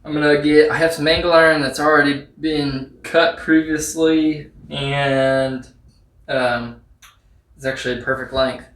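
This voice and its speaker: A man's voice: fairly high pitch, steady tone, measured pace, a bit bright, reverberant, far from the mic. A man casually talking through a truck repair, rambling with lots of fillers and restarts. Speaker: YouTuber restoring a truck. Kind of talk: casual workshop how-to vlog.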